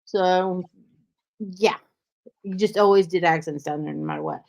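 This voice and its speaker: A woman's voice: fairly low pitch, a little slow, gravelly, a little mellow. A woman hosting a podcast, chatting casually and animatedly, often slipping into mimicked accents as she talks. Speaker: podcast host. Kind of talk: casual interview chat.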